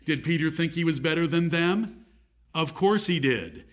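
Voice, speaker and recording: A man's voice: on the high side, animated, moderate pace. A man preaching a sermon, rising emphatically on key points.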